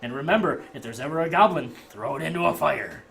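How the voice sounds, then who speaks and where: A man voicing an eager male carnival game barker with pushy, excitable patter. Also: on the high side, quick pace, gravelly. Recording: noisy home recording.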